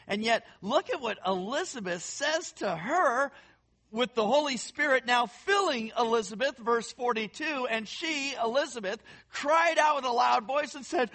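A man preaching a sermon, reading scripture aloud and talking to his listeners in a conversational, animated way. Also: extremely high pitch. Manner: conversational, addresses listeners as friends; animated, puts on quoted voices while reading. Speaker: pastor.

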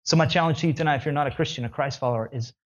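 Animated preacher with dull lo-fi sound. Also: male voice, racing. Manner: animated, rising high when voicing questioners. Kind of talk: sermon.

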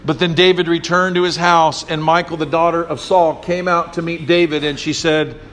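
A man with a notably high speaking voice delivers a sermon from the pulpit. He preaches emphatically and calls on the congregation to answer back. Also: flat delivery, moderate pace, fairly bright tone, slight background noise. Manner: call-and-response preaching, emphatic. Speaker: pastor.

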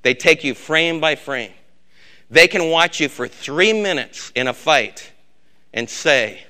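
A man's voice: expressive, measured pace, clean tone. Impassioned older male pastor preaching. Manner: swings from loud exhortation to low, quiet emphasis; repeats words for emphasis. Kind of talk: sermon.

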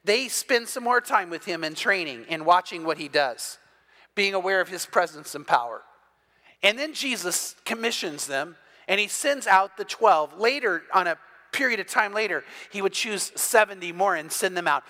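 A man preaching an evening sermon as pastor, retelling scripture in a lively storytelling way and growing loud and emphatic at key points. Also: high voice, normal speed. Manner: builds from quiet to loud, emphatic.

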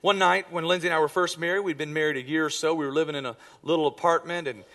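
A man in his thirties, a pastor preaching a sermon, telling personal stories and acting out quoted lines with sudden swings between loud and hushed. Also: fairly high pitch, fairly even intonation, fast talker. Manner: storytelling with acted-out quotes, dramatic swings in volume.

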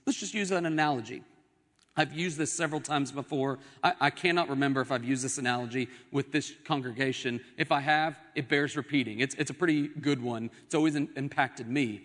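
A young man delivers a sermon from the pulpit. His voice sits a little high and climbs on the words he stresses, with deliberate pauses between points. The sound carries a long church-hall reverb. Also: lively intonation, a bit bright. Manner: preaching with emphatic rises and dramatic pauses. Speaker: pastor. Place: church sanctuary.

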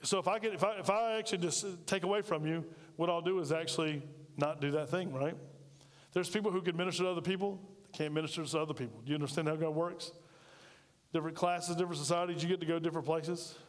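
A man's voice: a little high, steady tone, fast. A man preaching a sermon in a chatty way, full of asides and rhetorical questions. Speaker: pastor. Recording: reverberant hall.

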